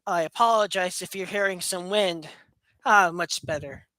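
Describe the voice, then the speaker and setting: Woman vlogger, goofy rambling home chat to webcam, bright, dry sound. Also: on the low side, normal speed, dry recording. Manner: playful, rambling, laughs often, jokes sarcastically. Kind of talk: casual chat to camera. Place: room at home with a fast fan running.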